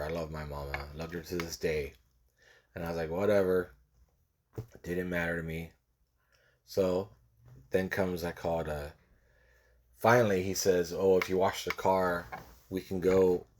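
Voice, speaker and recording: A man's voice: sits low, darkish tone. A man in his forties from California telling a personal story in a casual way, repeating phrases and acting out the people he quotes. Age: 40s.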